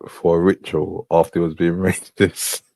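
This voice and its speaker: A man's voice: sits low, flat delivery, normal speed, gravelly, dark tone, no room sound. A young man hosting a show, commenting on clips with frequent laughter and mockery. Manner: laughing, mocking. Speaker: host.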